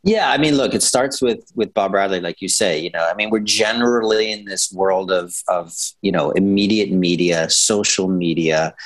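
A man from the United States, a soccer coach and guest, talking analytically in a measured way. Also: low-pitched, poor audio. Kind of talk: casual sports chat.

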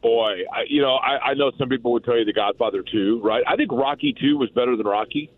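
A man's voice: mid-range voice, quick pace, no echo. A chatty man rambles as a guest on a radio show and keeps restarting his sentences. He comes through a tinny phone line that sounds dry and boxed in. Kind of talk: casual radio chat.

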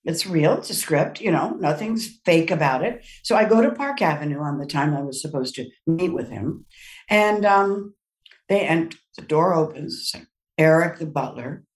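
An older woman as a podcast guest, telling an animated personal anecdote with laughs and quoted voices. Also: sits low, normal speed, distant mic. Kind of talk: storytelling in a podcast interview.

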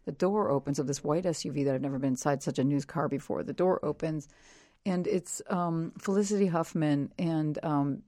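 Middle-aged woman comedian, low voice, crude animated storyteller, dry mic. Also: normal speed, dry recording. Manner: profane, animated storyteller with frequent restarts. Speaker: comedian guest. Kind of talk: casual storytelling interview.

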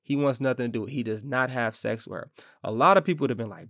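A man's voice: mid-range voice, quick pace, creaky, fairly bright tone, dry recording, studio quality. Man preaching a casual, slangy sermon. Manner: conversational, acts out scoffers in slangy asides.

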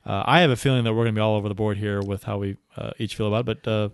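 A man's voice: fairly low pitch, steady tone, very fast, clean tone, no echo. Man, sports podcast co-host, jokey, rambling, laughs often, dry sound. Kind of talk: casual sports podcast chat.

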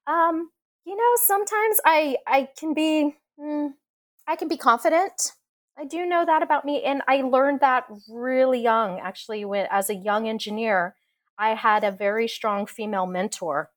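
Expressive woman engineer in casual chat. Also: a little high, normal speed, no echo. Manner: passionate, expressive, laughs often. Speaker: engineer guest on a podcast. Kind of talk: casual interview conversation.

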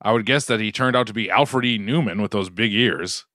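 A man's voice: fairly low pitch, fairly quick, bright, forceful tone, dry recording, studio quality. A man co-hosting a podcast, joking around in casual chat and asking playful questions. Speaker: podcast co-host.

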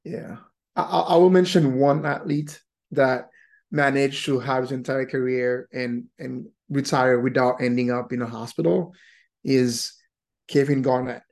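A man's voice: mid-range voice, fairly even intonation, a little slow, creaky, a little mellow. A man co-hosting a podcast, building an argument with a sports example while searching for his words. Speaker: podcast co-host. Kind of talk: casual podcast discussion.

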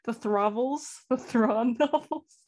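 A woman's voice: on the high side, slow pace, a little mellow. A woman hosting a casual fan podcast, chatty and giggly as she reads quotes aloud. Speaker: podcast host.

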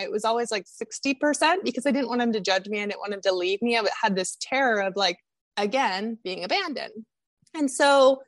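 A woman with a fairly high voice tells her personal story on a podcast. She is candid and confessional, with animated retelling. The sound is dry and close. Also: dry recording. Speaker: podcast guest.

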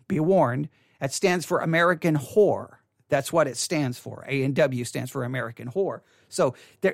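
Lively, chatty music commentator. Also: medium pitch, no room sound, clean studio sound. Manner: chatty, animated, retells own reactions with lots of "like". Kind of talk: casual commentary video.

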